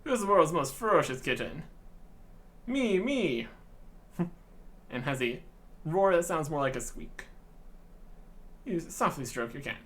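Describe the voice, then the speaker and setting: Wry man doing animated game commentary. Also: fairly high pitch. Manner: wry, joking. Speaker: game channel host. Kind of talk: let's-play commentary.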